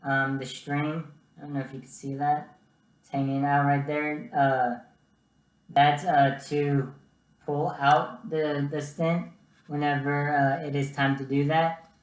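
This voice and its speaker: A man's voice: on the high side, little pitch movement, takes it slowly. A young man telling a personal story in a casual vlog and talking straight to his viewers. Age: young adult. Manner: chatty, keeps addressing viewers as guys. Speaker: vlogger. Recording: echoey room.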